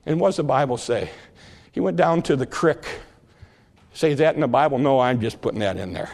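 An older man preaching a sermon, retelling a story in a lively, joking way. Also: a little high, fairly quick. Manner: lively, jokey storytelling with laughs.

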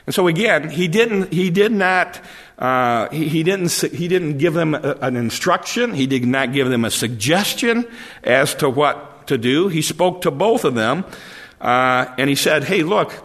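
A man preaching a conversational sermon, halting and often repeating his words as he explains the text. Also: fairly high pitch, gravelly, fairly bright tone. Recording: long hall reverb.

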